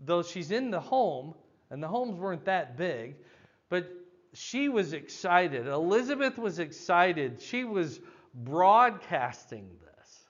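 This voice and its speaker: An older man teaching a Bible passage verse by verse, with a loud, emphatic, explanatory delivery. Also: sits high, sing-song, slow pace, lo-fi sound.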